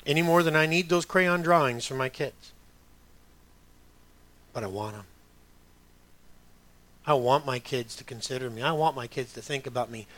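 A man's voice: medium pitch, normal speed, pauses often, a bit bright. A middle-aged man preaching a sermon as a pastor, talking conversationally with joking asides and putting on other voices.

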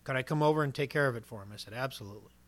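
A man's voice: mid-range voice, racing. A man preaching a sermon in an earnest, direct way, asking rhetorical questions and acting out what people might say.

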